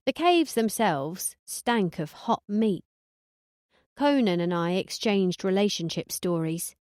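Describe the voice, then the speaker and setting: Deadpan woman narrator, dry and close. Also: mid-range voice, slow pace, clear, resonant tone, dry recording. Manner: sardonic, deadpan. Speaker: audiobook narrator. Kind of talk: first-person audiobook narration.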